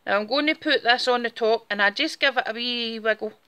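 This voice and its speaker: A woman's voice: on the high side, brisk, pushed and bright, smooth. A woman with a Scottish Borders accent, chatting casually through a step-by-step craft demonstration while she works with her hands. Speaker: craft tutorial host.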